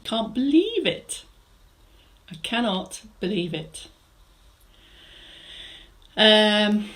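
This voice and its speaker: A woman's voice: mid-range voice, fairly bright tone, rough recording. A middle-aged woman from England leading a live online exercise class, chatting through viewer comments and giving encouraging cues. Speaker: fitness instructor.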